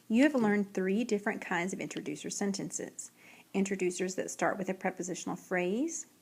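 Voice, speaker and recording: A woman teacher giving a recorded writing lesson, reading example sentences slowly and clearly. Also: mid-range voice, darkish tone.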